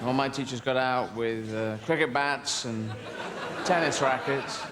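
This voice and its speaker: A man's voice: mid-range voice, fairly even intonation, unhurried. A man doing a rambling, whimsical stand-up routine with playful voices. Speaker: stand-up comedian. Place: large theatre stage. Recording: live hall with loud audience noise.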